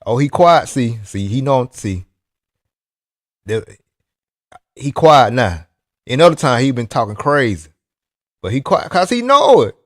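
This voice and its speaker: A man's voice: medium pitch, very animated, a little slow, pauses often, no echo, clean studio sound. A man talking loosely and teasingly in a casual chat about RC racing, with plenty of restarts. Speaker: RC racing vlogger.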